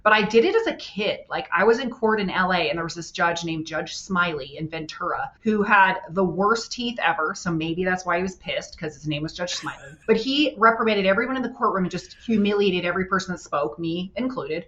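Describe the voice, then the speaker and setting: A middle-aged woman, a family law attorney, telling blunt, brash stories with quick wit and acted-out quotes in a casual interview. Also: lowish voice, expressive, fairly bright tone, muffled recording.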